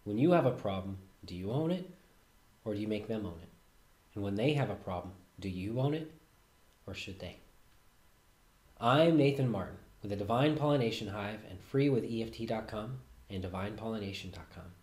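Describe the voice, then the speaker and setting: A man hosting a reflective self-help talk, speaking calmly and letting his voice fall softly at the ends of phrases. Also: lowish voice, moderate pace. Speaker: host. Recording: roomy echo.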